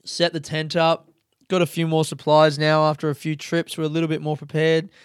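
Laid-back swearing comedian. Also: male voice, fairly high pitch, completely flat delivery, brisk, smooth, no room sound, clean studio sound. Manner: swearing, laughing, rambling anecdotes. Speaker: comedian podcast host. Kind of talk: casual storytelling podcast.

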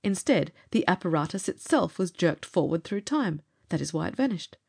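A woman voicing a steady young male pilot and inventor, talking in a lowered, matter-of-fact way. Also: normal speed, vocal fry, breathy edge, exaggerated voice. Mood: explaining.

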